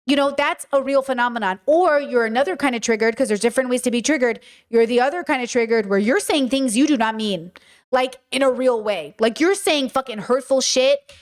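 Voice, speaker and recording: She's a podcast host from the United States, in her thirties, with a high-pitched voice and moderate pace. Her casual monologue is animated and profanity-laced as she plays out how she reacted.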